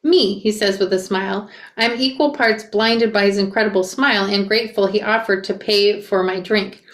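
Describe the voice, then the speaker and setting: A woman reading a memoir aloud and breaking off for quick asides and self-corrections. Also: mid-range voice, fairly even intonation. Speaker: reader reacting to a memoir. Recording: roomy echo.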